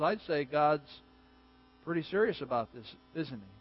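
A man preaching a sermon as a pastor, animated and emphatic with joking asides. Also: on the high side, measured pace. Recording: dull, dry recording.

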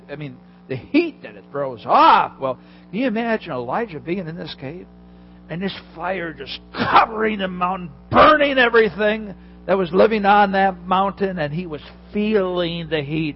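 A man's voice: a little high, lo-fi sound. Man preaching a conversational sermon. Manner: conversational, vivid storytelling with asides to listeners. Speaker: pastor.

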